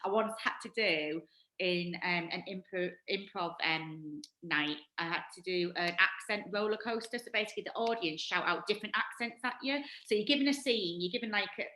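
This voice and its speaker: A woman's voice: on the low side, moderate pace, sharp tone, roomy sound, rough recording. A woman from Northeast England with a Northeast English accent, hosting a casual livestream chat, giggly and self-deprecating. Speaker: host.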